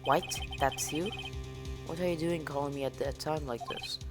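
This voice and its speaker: A woman's voice: low voice, moderate pace, lightly acted. A woman voicing a stern male chief prosecutor in a video game, with a put-on British accent and a brusque manner. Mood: exasperated. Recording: game music playing behind. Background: game music.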